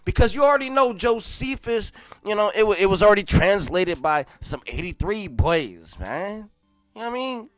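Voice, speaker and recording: Young man, slangy read-along host, animated high voice, loud asides, mumbled reading, faint music. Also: moderate pace, no room sound. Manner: swings from loud shouty remarks to quiet mumbled reading. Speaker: host reading a history text aloud. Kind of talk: casual read-along with commentary.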